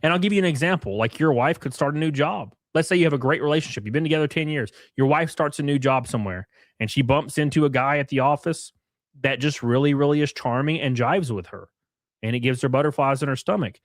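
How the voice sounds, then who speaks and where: A man's voice: mid-range voice, fast, no echo, studio quality. A man hosting a casual livestream, talking bluntly with plenty of swearing and reading out viewer messages. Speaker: livestream host.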